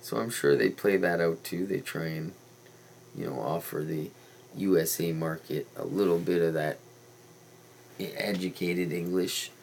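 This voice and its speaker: A man with a deep, gravelly voice rambles through a casual livestream monologue, drifting from point to point in a conspiratorial tone. His voice is low and rough, and a faint hiss of noise sits under the home recording. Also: fairly even intonation, unhurried, rough recording. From Canada. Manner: meandering, conspiratorial, casual slang. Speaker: livestream host.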